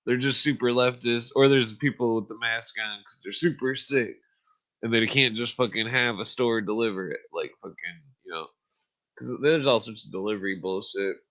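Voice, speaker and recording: A man's voice: mid-range voice, moderate pace. A man hosting a podcast, ranting in a rambling, profane monologue full of fillers and short laughs. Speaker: podcast host. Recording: dull lo-fi audio.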